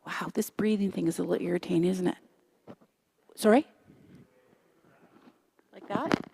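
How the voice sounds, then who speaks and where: A woman's voice: on the low side, fairly even intonation, normal speed, gravelly, heavy background noise. A woman in her fifties giving a conversational sermon in a church, chatty and self-deprecating, often asking the audience questions. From Canada. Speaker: guest speaker. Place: church sanctuary.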